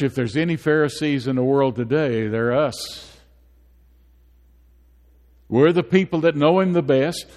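A man's voice: mid-range voice, darkish tone, in a large hall. A male pastor preaching a sermon to his church, asking the congregation questions and building to emphatic, rising peaks.

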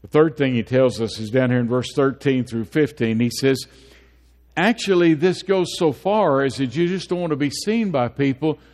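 A man's voice: a little high, big-room sound. A male pastor preaching a sermon to his church, asking the congregation questions and building to emphatic, rising peaks.

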